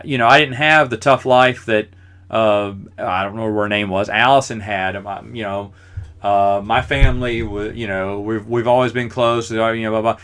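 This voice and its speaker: This podcast host, a man in his forties, speaks in a mid-range, slightly bright voice. He wanders through self-deprecating anecdotes full of filler words, keeping the storytelling casual.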